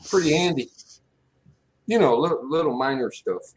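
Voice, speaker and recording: A man's voice: a little high, animated, normal speed, low-quality recording. A man in casual chat, jokingly reminiscing and trading stories. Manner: chatty, jokey reminiscing. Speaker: podcast co-host.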